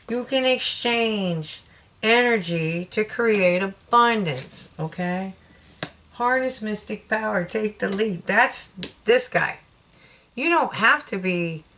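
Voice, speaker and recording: A woman's voice: lowish voice, fairly bright tone, slight background noise. A woman with a Southern US accent giving a casual tarot reading, chatty, laughing often and breaking off her own sentences. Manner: chatty, laughing, self-interrupting. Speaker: tarot reader.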